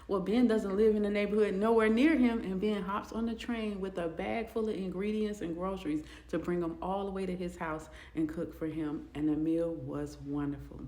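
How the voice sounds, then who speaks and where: A woman spinning a storytime in a lively, expressive way, full of asides. Her voice sits at an ordinary middle pitch. The room around her is echoey. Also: normal speed. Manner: animated, expressive retelling with asides. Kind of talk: casual storytime. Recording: roomy echo.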